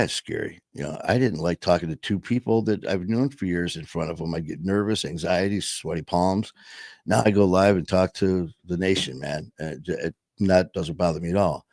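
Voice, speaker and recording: A man's voice: low-pitched, a little mellow, no room sound, clean studio sound. A man hosting his own show, talking in a rambling, emphatic way and swearing often as he reflects casually. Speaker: show host.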